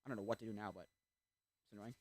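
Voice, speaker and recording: Here a game streamer speaks in a lowish voice at a rapid-fire clip, recorded with no echo. His chat is casual, rambling and lively, and he stops himself repeatedly to react to the game.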